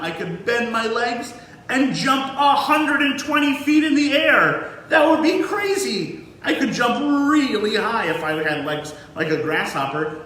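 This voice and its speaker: Lively man teaching small children. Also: a little high, slight background noise. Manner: lively, sing-song, talks to kids. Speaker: museum educator. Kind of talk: children's lesson. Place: museum room. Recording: echoey room, mic far off.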